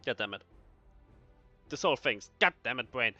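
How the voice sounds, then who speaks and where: Gamer guy reacting and joking, lively voice, music in the back. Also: mid-range voice, normal speed, no echo, muffled recording. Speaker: let's play gamer. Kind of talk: game playthrough commentary.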